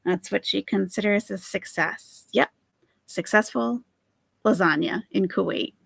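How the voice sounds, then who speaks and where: A woman's voice: medium pitch, unhurried, creaky, a bit bright, slightly rough, no room sound, clean studio sound. A woman hosting a live stream, giving sarcastic, mocking reaction commentary.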